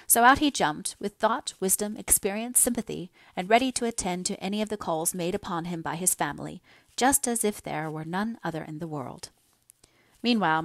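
A woman narrating a classic novel aloud in a measured, expressive storytelling manner. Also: fairly low pitch, dry recording, studio quality. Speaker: audiobook narrator.

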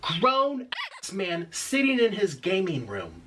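Furious ranting man with a bright voice. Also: high voice, wildly swooping pitch, slow pace, a little hiss or hum. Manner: furious, sarcastic, mocking. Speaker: YouTuber posting a response video. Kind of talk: angry ranting monologue.

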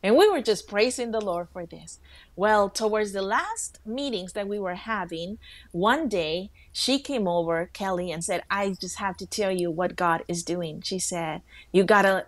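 A woman co-hosting a faith talk show, telling a story with lively quoted voices. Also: medium pitch, dry recording. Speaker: co-host.

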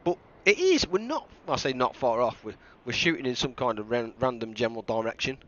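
A man's voice: medium pitch, brisk, fairly bright tone, lo-fi sound. A man doing live commentary on a game he is playing, thinking aloud and joking at his own mistakes. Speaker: game streamer.

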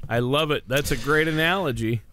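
A man's voice: a little high, fairly quick, bright, forceful tone, slight background noise. A man co-hosting a radio talk show, chatting in an easygoing way with many uh fillers. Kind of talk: casual chat.

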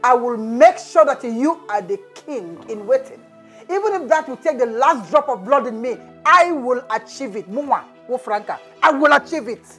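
A woman's voice: a little high, lively intonation, fairly bright tone, soft background music. A Nigerian actress playing a determined mother who vows to make her son king. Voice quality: slow, emphatic vowing. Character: determined scheming mother of a prince.

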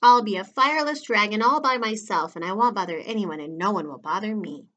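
A woman voicing a gentle, unsure little boy dragon who speaks softly and plainly. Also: medium pitch, brisk, highs cut off. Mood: glum.

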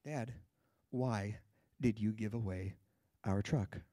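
Upset little boy, five, whining and pleading with his dad, loud and pushy, a bit higher, as a man puts him on. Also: flat delivery, fast, no echo, clean studio sound, close to an everyday voice. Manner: pleading, insistent whine.

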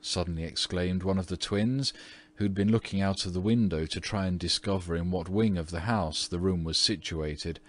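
A man reading a classic novella aloud as an audiobook narrator, in measured storytelling. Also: low-pitched. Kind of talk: scripted narration.

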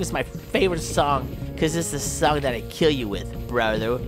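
A man's voice: mid-range voice, moderate pace, few pauses, music in the background. A man playing a video game and commenting playfully, taunting his opponent in a theatrical mock-villain manner with old-fashioned phrasing and sound effects. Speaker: gameplay commentator.

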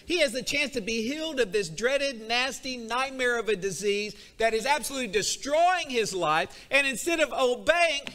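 Animated high-voiced male preacher. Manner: animated, acts out a character's complaints. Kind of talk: sermon. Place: church sanctuary.

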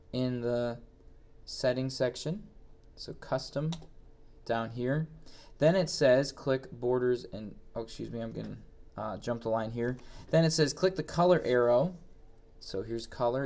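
Man talking through a software tutorial. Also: medium pitch. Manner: plain, reads each step then walks through it, thinks aloud. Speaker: instructor. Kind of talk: screen-recorded software tutorial.

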